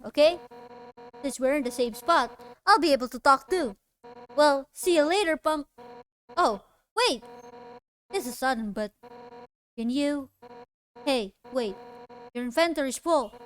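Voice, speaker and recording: A woman's voice: high-pitched, lively intonation, measured pace, long pauses, a bit bright, slight background noise. A woman reading the lines of a brash, tough fish warrior woman aloud, blunt and boastful. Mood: upbeat.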